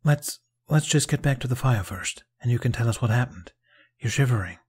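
A man voicing an anxious young male frost spirit, soft, breathless and gentle. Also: medium pitch, lively intonation, a little fast, breathy edge. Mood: reassuring.

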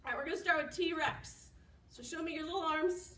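High-pitched young librarian lady doing preschool storytime, gasps and whispers, echoey room mic kinda far. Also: fairly quick. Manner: animated, gasps and whispers to engage children. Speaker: children's librarian. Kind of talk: preschool storytime reading and singing.

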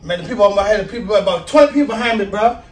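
High-voiced man, loud and defensive. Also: very fast, reverberant, far from the mic, a little hiss or hum. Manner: loud, defensive, slangy and animated. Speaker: prank vlogger. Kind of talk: heated casual argument.

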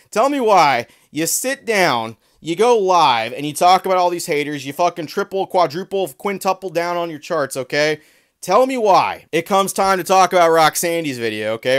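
A man delivering a heated, profane, sarcastic commentary rant in a vlog. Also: fairly high pitch. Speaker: trading card commentary creator.

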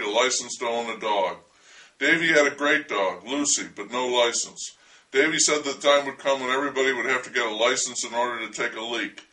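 A man's voice: medium pitch, bright, forceful tone, far from the mic, low-quality recording. A man telling a memoir story with wry, dry humor.

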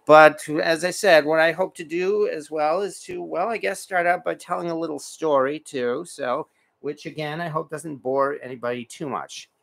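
A man's voice: fairly high pitch, fairly even intonation, normal speed, vocal fry, fairly bright tone. Rambling man hosting a cooking stream. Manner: rambling, many fillers and restarts, self-deprecating. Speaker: cooking channel host. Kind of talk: casual livestream chat while cooking. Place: home kitchen.

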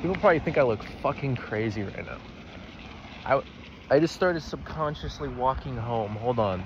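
A man's voice: medium pitch, animated, moderate pace. A young man vlogging as he walks outdoors, rambling in a casual way and often stifling his laughter. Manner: meandering, giggly, stifles laughs. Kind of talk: rambling casual vlog while walking. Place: outdoors, walking. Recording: dull lo-fi with outdoor noise.

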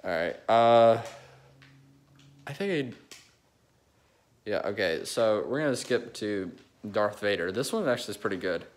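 A man's voice: on the low side, lively intonation, unhurried, long pauses. A young man chatting casually and rambling eagerly between his impressions, recorded on a phone. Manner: rambling, restarts often, eager. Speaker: amateur impressionist.

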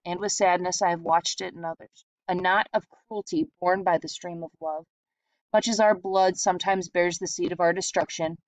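A woman reading a short story aloud in a steady, reflective storytelling manner. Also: fairly low pitch, dry recording. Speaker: reader. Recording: dull lo-fi sound.

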